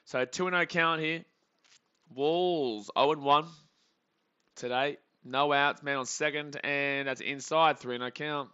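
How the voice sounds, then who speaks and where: A young Australian man hosting a live baseball reaction stream, joking with chat and calling pitches, swinging from muttering to shouting. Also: a little slow, clean tone, highs cut off. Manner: excitable, jokey, swings between muttering and shouting.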